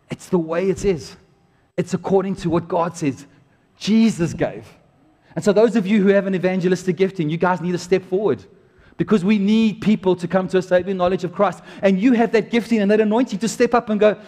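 A man preaching a sermon to his church in a chatty, joking way with animated bursts. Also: high voice, fairly quick. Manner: conversational, jokey preaching with animated outbursts. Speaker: pastor. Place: church auditorium. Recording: long hall reverb.

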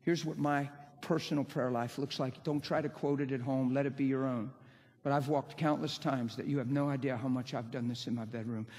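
A man's voice: mid-range voice, steady tone, a little fast, darkish tone. A man preaching a sermon with emphatic, impassioned delivery and rhetorical questions. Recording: long hall reverb.

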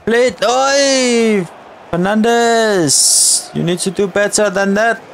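A man giving excited live commentary on his own football video game career mode, often exclaiming at chances and shouting at the players. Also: high voice, normal speed, slight background noise. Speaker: gaming YouTuber.

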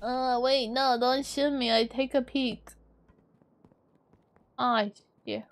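A woman's voice: fairly high pitch, slow, soft background music. Chatty woman streamer with a raised voice. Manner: chatty, swears at the game, bursts of exclamation. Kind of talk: casual gaming commentary.

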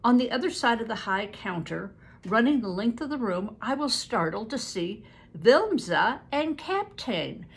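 An older woman reading a book aloud to family, pausing to explain words and stumbling over hard names. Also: fairly high pitch, very animated, breathy edge. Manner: stops to explain words and events.

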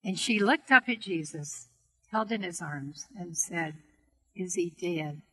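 A middle-aged woman teaches on healing prayer through a gentle, earnest story. Her voice is bright and a little breathy, and she softens it for the quoted lines. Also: fairly low pitch, lively intonation, unhurried, rough recording. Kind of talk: storytelling talk to a seminar audience.

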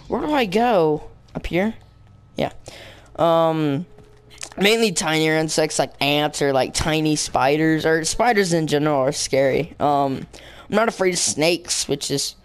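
A young man talks over his gameplay at an unhurried, drawn-out pace. His chatter is full of fillers and trailing thoughts. He bursts into loud yelling and frustrated screaming whenever the game turns on him. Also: a little high, smooth. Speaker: gaming channel host. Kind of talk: let's play commentary.

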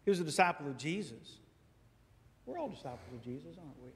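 A man preaching a sermon as a guest speaker, telling stories in a lively way and acting out dialogue in a church. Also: on the high side, quick pace, slight background noise. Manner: animated storytelling, acts out dialogue. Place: church sanctuary. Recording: echoey church hall.

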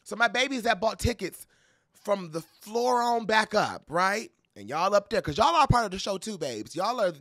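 A young adult man giving playful, sassy pop culture commentary to camera, dramatic and full of mock quotes and quick laughs. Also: high-pitched, expressive, a bit bright, no room sound, studio quality. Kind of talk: animated casual commentary to camera.

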